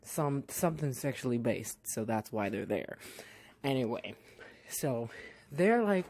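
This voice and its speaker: A podcast reviewer recapping a TV episode in a casual, profane way, with sarcastic asides and lively put-on voices for the characters. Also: mid-range voice. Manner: blunt, sarcastic asides, heavy swearing; drawn-out, animated voices when quoting characters.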